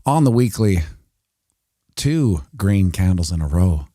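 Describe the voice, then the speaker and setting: A man's voice: sits low, big pitch swings, slow pace, warm tone, no echo, clean studio sound. A Canadian man giving casual, rambling commentary on crypto price charts during a livestream, with jokey asides.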